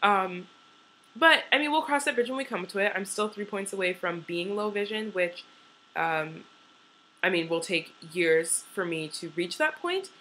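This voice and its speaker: A woman's voice: mid-range voice, expressive, normal speed, fairly bright tone, low-quality recording. A young woman chatting casually to her camera at home, rambling and giggly with lots of fillers. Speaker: vlogger.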